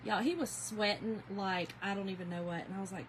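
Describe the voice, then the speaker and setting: A crafting livestream host from Georgia chats casually with viewers in a Southern US accent, folksy and quick to laugh. Her voice is mid-range, with background noise in the recording.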